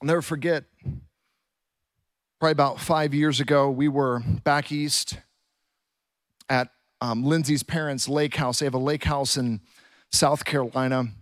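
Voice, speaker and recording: A man in his thirties, a pastor preaching a sermon from a stage and telling stories in an animated, vivid way. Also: medium pitch, a little slow, pauses often, dry recording. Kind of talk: storytelling sermon. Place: church stage.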